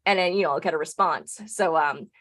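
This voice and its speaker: A woman's voice: deep voice, fairly quick, a bit bright. A woman casually recounting a personal ghost story on a podcast, talking loosely and filling her sentences with "like". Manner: chatty, peppers speech with "like". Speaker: podcast guest.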